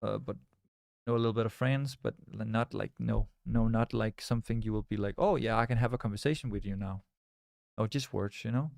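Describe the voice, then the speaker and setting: A man's voice: on the low side, brisk, creaky, darkish tone, no room sound, clean studio sound. Man rambling on a live stream. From Scandinavia. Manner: rambling, repeats words and restarts, reads chat aloud. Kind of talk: casual live-stream chat.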